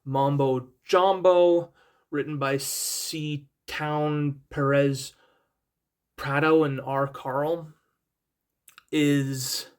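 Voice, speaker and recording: Slow, rambling man with raised pitch. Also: fairly even intonation, clean tone. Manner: rambling, self-deprecating, many fillers and restarts; enthusiastic, repeats praise words. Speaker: album reviewer. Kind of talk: casual spoken review.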